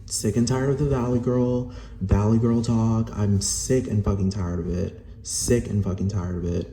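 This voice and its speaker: A Puerto Rican vlogger, a Spanish speaker, rants angrily and profanely to camera, leaning heavily on "like." His voice is lowish and warm, with fairly even intonation and a moderate pace. The room echoes, and there's a little hiss or hum.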